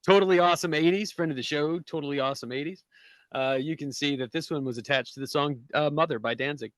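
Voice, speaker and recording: A man's voice: a little high, fast talker, no echo. A man co-hosting a casual podcast, reading memes aloud with frequent fillers and laughs. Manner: laughs often, reads captions with hesitant fillers.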